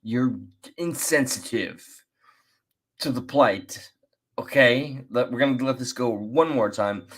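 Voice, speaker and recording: Male commentary host, unhurried and rambling, mid-range voice. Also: medium pitch, a bit bright. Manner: chatty, laughs and restarts, drawn-out asides. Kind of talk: casual reaction commentary.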